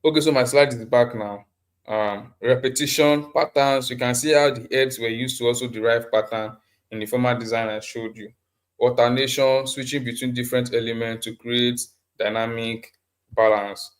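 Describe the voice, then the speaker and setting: A man's voice: medium pitch, fairly even intonation, normal speed. Man teaching an online design class. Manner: repeats phrases, restarts often, asks the class questions. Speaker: design instructor. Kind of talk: live online class lecture.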